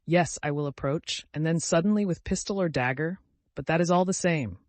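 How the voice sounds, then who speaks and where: A man's voice: fairly high pitch, a little fast, dry recording, pitched above the performer's own voice, close to an everyday voice. A man voicing a brooding young man who solemnly resolves on a heroic sacrifice, in a melancholy inner voice.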